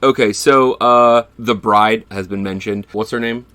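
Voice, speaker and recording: Podcast co-host, lower-pitched man, animated, laughs a lot, swears freely. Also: measured pace, smooth. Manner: animated storytelling, laughs often, swears casually. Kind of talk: casual movie review chat.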